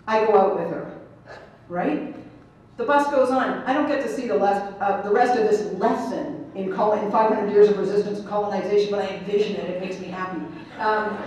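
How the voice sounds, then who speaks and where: In a large conference hall, a keynote speaker with a mid-range voice tells a story full of humor, animatedly impersonating its characters. The recording is made from afar, and the hall's echo is audible.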